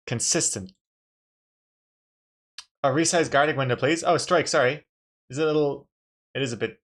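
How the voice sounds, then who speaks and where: A man's voice: mid-range voice, fairly bright tone. A male streamer giving chatty live-stream commentary on a drawing game, reacting with frequent laughs.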